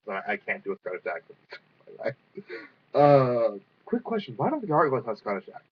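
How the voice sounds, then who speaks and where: Young male vlogger, mid-pitched, rambling and profane, muffled home recording. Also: very animated, fairly quick. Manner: rambling, filler-heavy, profane. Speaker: vlogger reviewing a cartoon. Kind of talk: casual spoken review. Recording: dull lo-fi sound.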